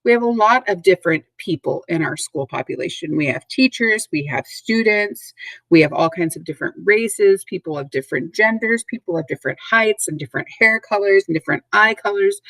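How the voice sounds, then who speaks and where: Clear-speaking woman teaching young children. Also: mid-range voice, lively intonation, fairly bright tone, dry recording, rough recording. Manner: slow, clear, encouraging teacher talk with call-and-response. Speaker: third grade teacher. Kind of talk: recorded vocabulary lesson for children.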